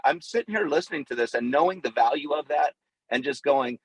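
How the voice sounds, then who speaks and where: Husky man, excitable on a call. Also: medium pitch, fast, dry recording, rough recording. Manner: animated, excitable, stammering restarts. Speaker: guest on a video call. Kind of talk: casual endorsement on a call. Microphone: video call.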